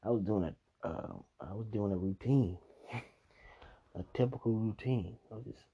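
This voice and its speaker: A man's voice: fairly low pitch, moderate pace, dark tone, slightly rough, lo-fi sound. A man hosting a podcast, telling casual stories full of profanity, frequent laughter and acted-out quotes. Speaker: podcast host. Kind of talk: casual storytelling.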